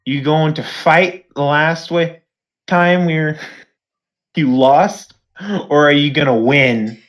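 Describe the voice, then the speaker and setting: A woman's voice: deep voice, fairly even intonation, slow pace. A woman voicing a cocky young woman student who teases her rival. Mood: teasing. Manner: teasing, boastful.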